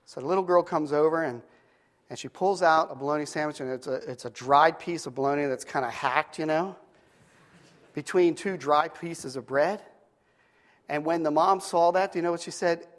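A man's voice: fairly high pitch, moderate pace. A man preacher telling a story in a sermon, conversational, stretching out key phrases for emphasis, in a church. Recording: long hall reverb.

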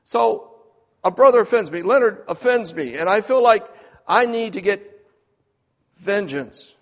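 A man preaching a sermon, swinging between hushed, quiet passages and loud, emphatic ones. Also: high-pitched, animated, measured pace, big-room sound.

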